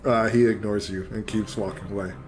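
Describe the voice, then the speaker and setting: A man narrating a tabletop game as game master, relaxed, with many fillers. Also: on the low side, a little fast, soft background music.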